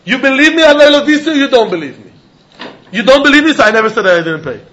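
High-voiced man teaching Talmud animatedly. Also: rapid-fire. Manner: animated, argues back and forth, laughs often. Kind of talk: Talmud lesson, lively explanation. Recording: dull lo-fi recording.

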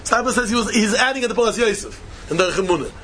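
A man's voice: sits high, expressive, rapid-fire, fairly bright tone. A man giving a Talmud study lecture, asking questions and repeating key points to press them. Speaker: Talmud teacher.

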